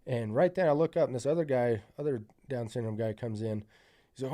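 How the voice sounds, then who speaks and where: A man's voice: medium pitch, fairly quick. Man, casual podcast storyteller; rambling, profane, many fillers. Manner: gets loud and excited at the climax.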